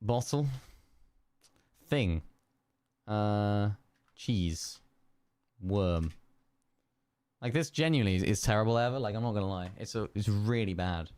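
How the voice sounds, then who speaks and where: Young male streamer, unhurried and lowish, trying single-word guesses. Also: a little mellow, clean tone, dry recording. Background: keyboard clicks and typing.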